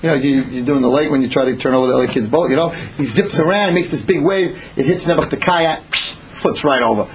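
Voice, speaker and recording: A man telling a parable in an animated sermon style, repeating phrases as he goes. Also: medium pitch, fast, hardly any pauses, rough recording. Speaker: storyteller. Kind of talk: storytelling sermon.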